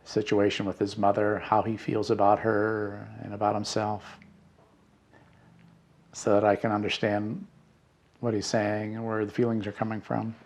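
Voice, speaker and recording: A middle-aged man reading out letters and reflecting, in a slow, halting way with fillers and restarts. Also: on the low side, monotone, a little mellow. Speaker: spiritual podcast host.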